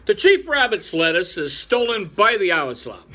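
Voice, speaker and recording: A man reading a classic animal story aloud in an unhurried, lively way. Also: high-pitched. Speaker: reader.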